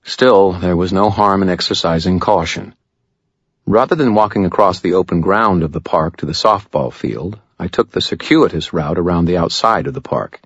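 A man's voice: sits low, slightly rough, dry recording, lo-fi sound. A man narrating a story in the first person with a wry, sardonic delivery. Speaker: audiobook narrator.

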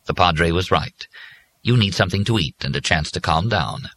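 A man voicing a calm, reassuring godlike being in human form in an audiobook. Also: sits low, normal speed.

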